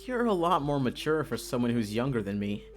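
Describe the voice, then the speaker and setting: A streamer voicing a gentle, soothing young man while reading a visual novel aloud. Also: medium pitch, sing-song, fairly quick, soft background music, natural voice.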